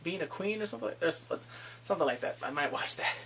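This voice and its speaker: A man casually recapping a TV drama, animated and laughing often as he acts out lines. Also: fairly high pitch, fast, gravelly, slight background noise. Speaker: drama review vlogger.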